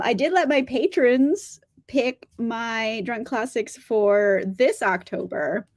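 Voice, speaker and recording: A young woman running a book live stream answers chat casually, laughing often and speaking bluntly. Her voice is on the high side, captured as a dry, clean studio recording.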